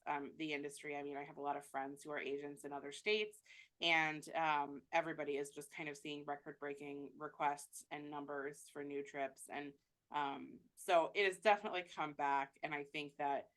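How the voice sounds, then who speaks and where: A woman's voice: low voice, fairly even intonation, normal speed, fairly bright tone. A woman travel agent answering interview questions in a chatty way, with many fillers and restarts.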